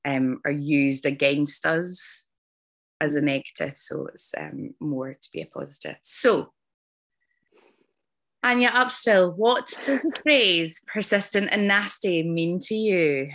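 A woman's voice: deep voice, slow pace, fairly bright tone. A woman hosting a podcast interview, talking earnestly and effusively with many ums and restarts. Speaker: podcast host. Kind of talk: casual interview chat.

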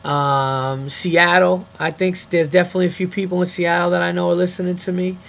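A man's voice: high-pitched, flat delivery, brisk, vocal fry, a bit bright. A young man hosting his own podcast, talking alone in a goofy, rambling way and swearing freely. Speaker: comedian podcast host. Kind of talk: casual solo podcast monologue.

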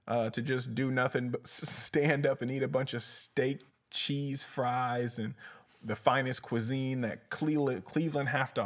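A male comedian hosting his podcast, ranting in a heated, profane way and often tossing in "bruh". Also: medium pitch. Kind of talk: casual comedic rant.

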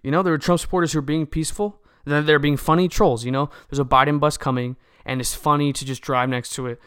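A man's voice: medium pitch, fairly bright tone, smooth, dry recording, studio quality. A man giving an earnest, lecturing opinion monologue to his viewers, often restarting phrases and checking in with "okay?". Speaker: political commentator. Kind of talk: casual opinion monologue to camera.

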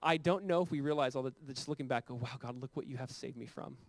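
A man's voice: medium pitch, fast, dry recording. A man preaching a sermon as pastor, talking conversationally and building to fervent emphasis.

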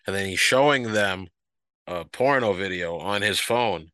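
A man co-hosting a podcast in casual chat, telling stories in an animated way and acting out quotes. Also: fairly low pitch, normal speed, clean tone, dry recording. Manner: animated storyteller, acts out quotes. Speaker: podcast co-host.

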